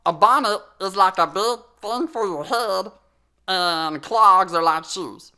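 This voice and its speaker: A woman with a smooth, sharp-toned, mid-range voice speaks slowly as a goofy talking sheep who hosts a children's story show. In a chatty mood, the storyteller host reads a fairy tale and adds playful, sassy asides to the listener.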